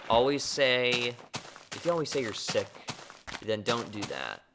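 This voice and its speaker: A man's voice: mid-range voice, big pitch swings, unhurried, noisy background. A man live streaming a game, chatting casually and joking offhand in reply to his chat.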